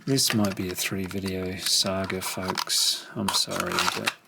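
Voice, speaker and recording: A middle-aged man unboxing a collection, musing quietly, half to himself, in a room at home. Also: sits low, little pitch movement, a little slow, gravelly. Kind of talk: casual unboxing commentary. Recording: rustling packaging noise behind.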